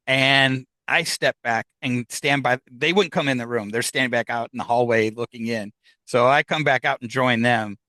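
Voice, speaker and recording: Guy on a podcast telling a long story, acts out all the lines, laughs a bunch, mid-pitched, dry close sound. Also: no room sound, rough recording. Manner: animated, acts out quoted dialogue, laughs between lines. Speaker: podcast guest. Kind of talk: casual storytelling.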